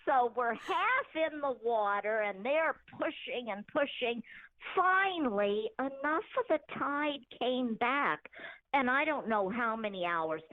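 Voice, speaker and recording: An older woman telling a family story on a phone call, animated, laughing often and acting out what people said. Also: on the high side, takes it slowly, dry recording. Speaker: mother of the host, phone guest.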